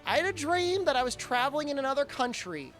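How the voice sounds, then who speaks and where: A man's voice: very high-pitched, very animated, fast, a bit bright, faint music behind. A man streaming a game and chatting casually, telling a rambling story full of fillers and restarts. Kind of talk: casual chat during a live game stream.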